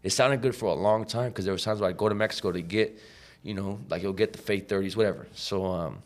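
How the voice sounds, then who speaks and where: A man's voice: on the low side, fast. A man, a podcast guest, telling his story in a casual, profane, slangy way, full of "like" and "you know," acting out the people he quotes.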